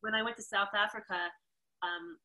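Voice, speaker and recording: Woman, from New York, podcast guest, storytelling, animated, bright clear voice. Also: normal speed. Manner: animated, acts out quotes with big jumps in pitch. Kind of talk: casual storytelling interview.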